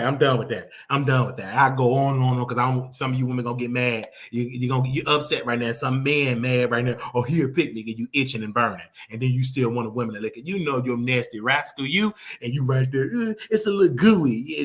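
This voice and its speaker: A male host riffs through casual gossip commentary in a blunt, rambling way, doubling back on his words as he goes. His voice sits at an ordinary middle pitch for a man. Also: fairly bright tone. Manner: rambling, blunt, repeats himself. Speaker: show host.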